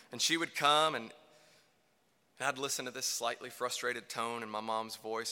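A man preaching a sermon to a congregation, emphatic, swinging between loud declarations and hushed lines. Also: medium pitch, little pitch movement, moderate pace, clear, resonant tone. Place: church hall. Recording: reverberant hall.

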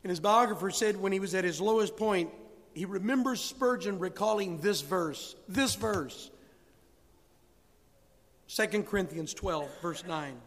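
A man's voice: sits high, unhurried, a bit bright. A man preaching a sermon with rising emphasis, acting out biblical dialogue. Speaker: pastor. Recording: long hall reverb.

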